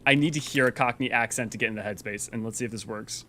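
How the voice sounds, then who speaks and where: A man's voice: mid-range voice, fast, bright, forceful tone, a little hiss or hum. Rambling, self-mocking man chatting over games. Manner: rambling, self-deprecating, jumpy energy. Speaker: lore channel host. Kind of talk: casual chat while reading a game story.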